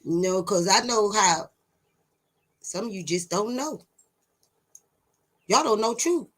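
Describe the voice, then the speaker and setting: A woman's voice: mid-range voice, lively intonation, slow. A woman delivering a preachy monologue straight to her viewers, blunt and emphatic, swearing, repeating words for stress and taunting them with rhetorical questions. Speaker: self-styled teacher addressing viewers. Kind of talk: preachy direct-to-camera monologue.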